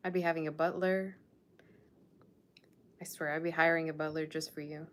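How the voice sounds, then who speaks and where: A woman's voice: deep voice, flat delivery, normal speed, pauses often, a bit bright. A young adult woman hosting a tarot livestream, chatting casually and sassily teasing the viewers in her chat. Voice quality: sassy, teasing banter with the chat. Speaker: tarot reader livestream host.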